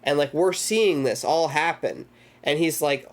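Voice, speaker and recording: A man's voice: fairly high pitch, a little slow. A man hosting a movie discussion, casually recapping scenes in a rambling way full of filler words. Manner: energetic retelling of scenes. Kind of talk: casual film recap chat.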